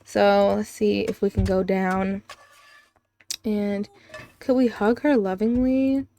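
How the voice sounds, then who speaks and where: A woman's voice: mid-range voice, steady tone, slow, mellow, a little hiss or hum. A young woman giving casual, chatty commentary over a life-simulation game, with sudden gasps and giggles. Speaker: gaming video creator.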